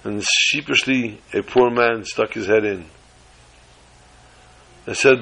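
A man telling a religious story to listeners in a measured, dramatic way. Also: medium pitch, fairly even intonation, vocal fry, bright, forceful tone, poor audio.

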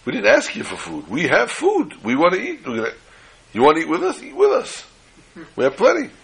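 A man's voice: fairly low pitch, big pitch swings, brisk, sharp tone, full character voice. A man voicing two well-dressed traveling men who talk insistently and heartily.

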